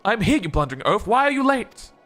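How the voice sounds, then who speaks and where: A man's voice: sits high, big pitch swings, fast talker, fairly bright tone, soft background music. A man voicing an impatient, threatening male conspirator who scolds his contact in a game. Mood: stern.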